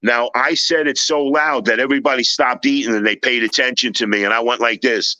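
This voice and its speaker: Bright, animated storyteller man. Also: mid-range voice, brisk, no room sound, rough recording. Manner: animated, loud when acting out scenes. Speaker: panel guest. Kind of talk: casual storytelling.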